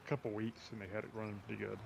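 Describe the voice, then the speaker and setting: A man talking quietly in voice chat with other players during a game, in a soft, conversational way. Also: lowish voice, completely flat delivery, very fast, vocal fry, slight background noise. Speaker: fellow player.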